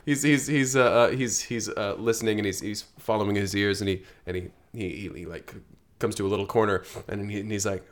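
A man's voice: lowish voice, fairly even intonation, a little fast. A man improvising a comedy story, stammering and repeating words.

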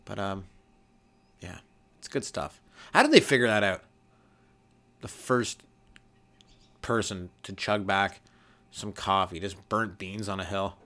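A young man from Canada hosting a solo comedy podcast, rambling loosely, swearing freely and acting out quick little voices for the people in his stories. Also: deep voice, bright, forceful tone. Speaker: podcast host, stand-up comedian.

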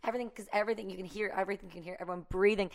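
A woman's voice: medium pitch, steady tone, very fast. A young woman in casual chat, recalling events with a friend in a chatty, laughing way.

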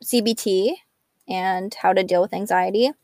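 Her medium-pitched voice holds a fairly even intonation and moderate pace with a darkish tone as she candidly tells her recovery story. She's upbeat and chatty, saying "like" often, captured in clean studio sound without room noise.

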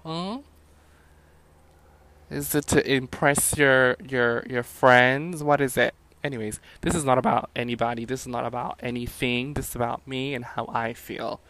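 A young man venting about his fast food job in a profane, animated, sassy rant. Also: medium pitch. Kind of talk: casual rant to camera.

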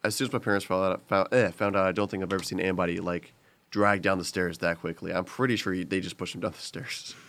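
A man's voice: low voice, steady tone, fairly bright tone, a little hiss or hum. Young American man, podcast co-host, rambling storyteller who trips over his words. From United States. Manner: rambling storyteller with halting restarts. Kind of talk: casual chat.

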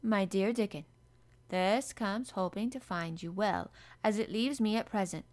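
A woman's voice: medium pitch, unhurried, natural voice. Woman doing a hearty Yorkshire housemaid. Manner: broad dialect, hearty and exclaiming. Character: blunt cheerful young Yorkshire housemaid.

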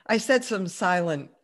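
Woman guest, lowish voice, chatty storytelling, lots of "you know"s and little laughs. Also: a bit bright. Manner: chatty, many fillers, laughs while telling. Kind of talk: telling a personal story.

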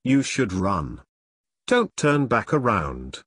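A man voicing a cranky old male pumpkin elf who speaks in an angry, gruff old man voice. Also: lowish voice, very animated, takes it slowly, a bit bright, full character voice.

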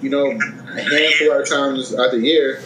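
A man's voice: medium pitch, unhurried. Casting a man from Philadelphia with a Philly accent, blunt and profane. He argues loosely in a roomy, echoey space, with a faint hiss underneath. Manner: blunt, profane, animated arguing. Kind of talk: casual chat. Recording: echoey room with faint noise.

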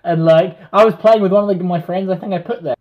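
A man with a slightly high voice chats loosely about games, wandering through his thoughts and correcting himself mid-sentence. The audio is dull and lo-fi. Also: fairly even intonation, fast. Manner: rambling, self-correcting, chuckling. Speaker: podcast panelist. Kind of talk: casual chat.

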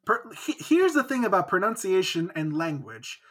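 A man's voice: high voice, very animated, normal speed, a bit bright. Joking man recapping a book. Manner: joking, acts out characters' lines loosely. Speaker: podcast co-host. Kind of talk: casual book recap chat.

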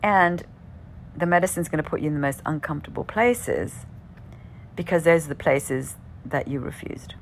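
A woman with a low, gravelly, creaky voice tells a personal story in a relaxed, conversational way at normal speed, swearing casually. She keeps checking in with "right?" and sometimes trails off into a soft whisper, while a faint hiss sits under the recording.

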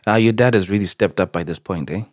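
A man's voice: low-pitched, quick pace, dry recording, clean studio sound. A man co-hosting a podcast in casual chat, a supportive listener who murmurs along and asks probing questions. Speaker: podcast co-host.

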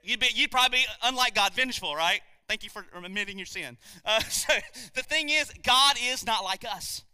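A male pastor preaches an emphatic sermon and keeps pressing his listeners with rhetorical questions. His voice sits high and sounds sharply bright. The recording is dry and close, with no room sound. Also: normal speed, clean tone, dry recording.

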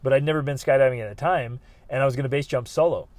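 A middle-aged man telling a personal story in a lively, animated way and voicing the people he quotes. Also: medium pitch, fast talker, no room sound.

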